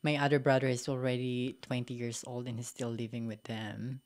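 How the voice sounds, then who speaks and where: A young woman with a Filipino accent speaks in a strikingly low-pitched voice. She talks candidly and reflectively as a podcast guest, leaning on "like" and "you know" and laughing easily. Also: little pitch movement, fairly quick, darkish tone. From Philippines. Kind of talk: casual interview conversation.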